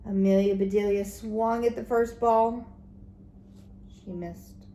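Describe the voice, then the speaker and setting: A woman teacher reading a children's book aloud, animated and expressive, with soft whispered asides to the listeners. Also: mid-range voice, takes it slowly. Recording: echoey room, faint background noise.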